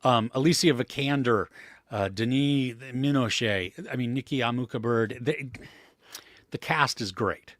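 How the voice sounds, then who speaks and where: A man co-hosting a live movie chat, blunt and animated when he dislikes a film. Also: medium pitch, a little slow, no echo, clean studio sound. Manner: blunt, animated when ranting about films. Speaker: movie podcast co-host.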